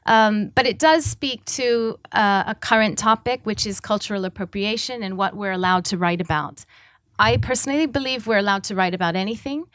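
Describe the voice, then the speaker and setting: Soft-spoken woman author, dry sound. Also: medium pitch, a little fast, dry recording. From Massachusetts, US. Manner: soft-spoken, frequent ums. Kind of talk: reading from her novel at a bookstore. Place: bookstore event room.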